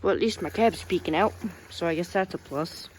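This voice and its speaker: A woman's voice: on the low side, brisk, a little mellow, a little hiss or hum, lightly acted. A woman voicing a goofy, talkative male toy train engine that squeals, yelps and mocks itself. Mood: playful. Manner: playful, self-mocking, squeals and yelps. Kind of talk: playful toy role-play.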